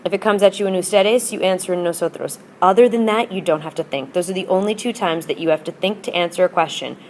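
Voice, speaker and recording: A woman teacher explains grammar with patient, upbeat energy and models example phrases. Her voice sits a little low. A faint hiss runs under the recording. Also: fast talker, a little mellow. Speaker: Spanish teacher. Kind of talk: recorded classroom lesson.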